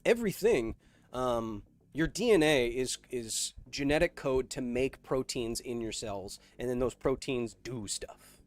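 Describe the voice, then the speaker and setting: A man's voice: medium pitch, lively intonation, measured pace. A man hosting a livestream Q&A, reading viewer questions aloud and answering in a rambling way, with lots of fillers. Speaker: host. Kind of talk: livestream Q&A chat.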